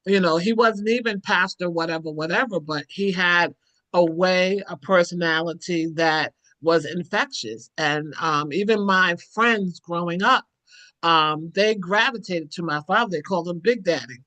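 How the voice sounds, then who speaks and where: A woman's voice: fairly low pitch, moderate pace, fairly bright tone, dry recording. Woman in her sixties, dry close sound. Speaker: panel guest at a church event. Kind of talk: heartfelt personal testimony.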